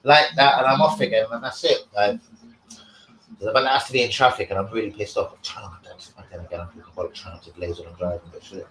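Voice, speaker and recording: A man's voice: on the low side, steady tone, fast talker, a bit bright, slight background noise. A man, rambling and swearing in casual live-stream chat as the host. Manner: rambling, slangy, swears a lot. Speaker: livestream host. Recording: echoey room.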